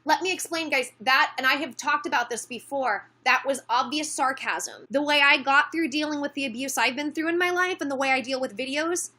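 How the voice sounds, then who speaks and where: Livestream host, woman; high bright voice, frustrated, defensive, calls out chat by name. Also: fairly quick, hardly any pauses. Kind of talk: casual livestream talk to chat.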